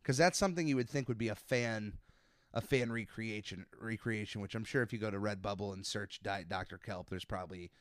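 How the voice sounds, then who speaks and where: Low-voiced man hosting a chatty podcast. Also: fast talker, few pauses, no echo, clean studio sound. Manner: rambling, many fillers and restarts. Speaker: podcast host. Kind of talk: casual chat.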